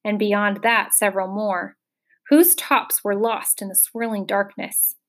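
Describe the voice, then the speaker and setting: A woman reading a children's fantasy novel aloud in a measured, expressive storytelling voice. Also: mid-range voice. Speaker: audiobook narrator. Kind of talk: scripted narration.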